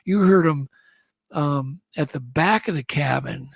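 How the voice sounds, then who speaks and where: Guest storyteller, male, slightly high, husky; excitable. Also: measured pace, dry recording, studio quality. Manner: excitable, acts out the sounds he describes. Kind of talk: animated storytelling.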